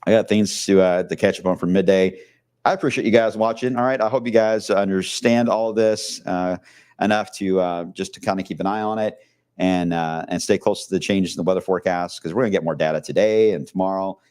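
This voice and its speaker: Casting: hoarse middle-aged TV weatherman, very low voice, loose chatty delivery. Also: fairly even intonation, fairly quick, a little mellow. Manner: casual, rambling, many fillers. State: hoarse, losing his voice. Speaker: TV meteorologist. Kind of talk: live weather blog talk.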